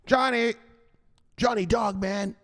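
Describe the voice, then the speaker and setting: A man voicing a skeptical streetwise male buddy who mocks crypto, slangy and loud. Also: high voice, steady tone, slow, vocal fry, voice pushed up, full character voice. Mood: mocking.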